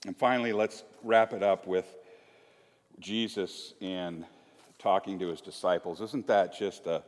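Deep and a little slow, this man's voice keeps a fairly even intonation. He's a pastor giving a chatty, joking sermon to his congregation in a church sanctuary, acting out little scenes along the way. The recording carries the echo of the church hall.

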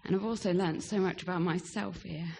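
A young woman with a fairly low, steady voice, vocal fry, and a darkish tone speaks a little fast over slight background noise. Leaving her church, she gives a hesitant farewell speech full of ums and reads scripture.

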